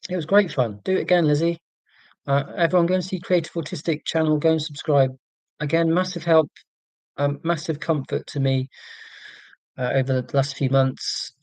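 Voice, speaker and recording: A man's voice: on the high side, steady tone, normal speed, darkish tone, dry recording. A man from Scotland hosting a casual livestream, chatting to viewers in a rambling way with many ums and restarts. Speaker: livestream host.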